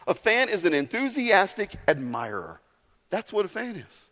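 In a big church hall full of long reverb, a pastor talks to his congregation casually, dramatizing brief asides as he preaches. He speaks at normal speed in a high, slightly bright voice with big swings in pitch.

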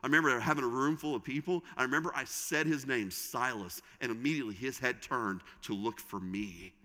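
A middle-aged man preaching a sermon as a pastor, with dramatic pauses and sudden drops to a soft, intimate tone. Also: medium pitch. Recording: reverberant hall.

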